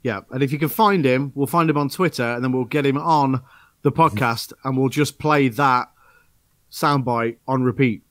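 A man's voice: medium pitch, normal speed, fairly bright tone, no room sound. A man hosting a podcast in casual chat, full of upbeat banter, laughs and stammered restarts. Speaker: podcast host.

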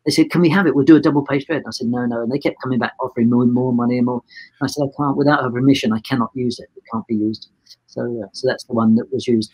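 A man's voice: mid-range voice, fairly even intonation, racing, breathy edge, poor audio. A man in his sixties, a photographer being interviewed, telling a long story in a rambling way, acting out the dialogue and restarting his sentences. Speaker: photographer guest. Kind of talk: casual anecdote in a podcast interview.

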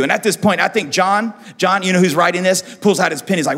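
Man preaching, high voice, passionate, acts out quotes, echoey church hall. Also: fast talker, hardly any pauses, fairly bright tone. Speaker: pastor. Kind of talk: sermon. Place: church auditorium.

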